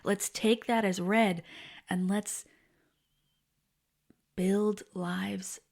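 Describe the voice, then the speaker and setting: A woman's voice: mid-range voice, drawn-out words, gravelly. Candid woman telling her story. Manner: candid, frank, animated storytelling with soft, hushed closing passages. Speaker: podcast host. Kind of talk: personal storytelling monologue.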